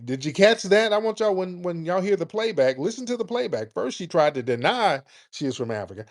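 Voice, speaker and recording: Emphatic high-pitched male radio host. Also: sing-song, brisk, hardly any pauses. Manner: emphatic, repeats "no, no" and mimics callers. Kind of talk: commentary to listeners.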